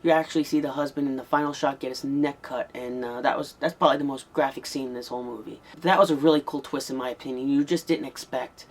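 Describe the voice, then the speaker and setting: Guy doing a loose chatty vhs review, mid-pitched voice, lots of ums and restarts. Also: steady tone, quick pace, few pauses. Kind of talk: casual spoken review.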